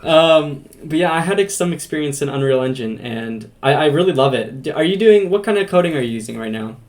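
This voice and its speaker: A man's voice: fairly high pitch, expressive, fairly quick. A man hosting a casual podcast interview, asking rambling questions and laughing easily. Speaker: podcast host.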